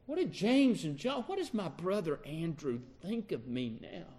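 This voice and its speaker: A man's voice: a little high, sing-song, measured pace, mellow. A male preacher voicing a grieving, remorseful apostle who pours out anguished self-reproach in a sermon.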